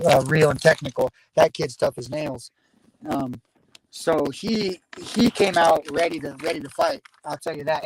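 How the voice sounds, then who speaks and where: A man's voice: a little high, rough recording. A man in his thirties, a guest fighter in a casual interview, talking in long rambling runs with many restarts.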